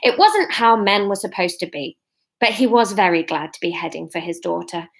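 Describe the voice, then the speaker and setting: A woman's voice: on the low side, expressive, moderate pace, vocal fry. Self-mocking woman reading her own novel. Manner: self-mocking, laughs at herself. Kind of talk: live-streamed reading. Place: her living room.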